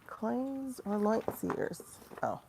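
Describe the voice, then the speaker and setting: A woman hosting a casual livestream tarot reading, chatty and animated, with sudden mocking asides to her viewers. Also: fairly high pitch, drawn-out words, vocal fry, background noise. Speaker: tarot reader and livestream host.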